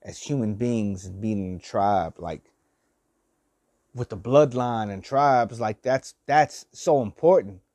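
A man's voice: fairly low pitch, slow, a little mellow, no room sound, studio quality. An older man giving heartfelt, repetitive life advice to his listeners, swearing and using slang. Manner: heartfelt, preachy, repeats phrases, swears, slangy. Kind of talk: emotional motivational monologue.

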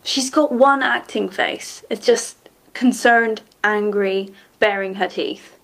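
A woman, casually commenting on a TV episode as she watches, sarcastic and quick to swear and laugh. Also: medium pitch, a bit bright. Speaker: TV episode reactor.

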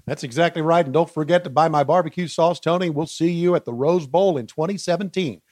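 A man with an Oklahoma accent co-hosting a wrestling podcast, calling the match play-by-play and getting excited. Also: fairly high pitch, a little fast. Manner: excitable play-by-play, shouting counts. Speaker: podcast co-host.

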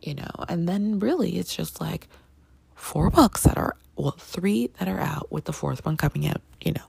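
Husky, creaky-voiced woman gushing about books. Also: normal speed, no room sound. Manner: gushing and chatty, heavy fillers, excited pitch jumps. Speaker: book reviewer. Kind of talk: casual book review chat.

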